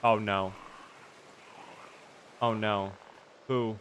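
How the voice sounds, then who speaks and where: A man's voice: medium pitch, moderate pace, fairly bright tone, highs cut off, a little hiss or hum. Chatty male game streamer. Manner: chatty, teasing, talks to his character and chat. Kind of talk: casual live game commentary.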